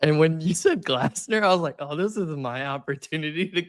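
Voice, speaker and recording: A man co-hosting a casual football livestream, making deadpan, provocative jokes. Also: on the high side, fairly quick, no room sound, studio quality. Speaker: co-host.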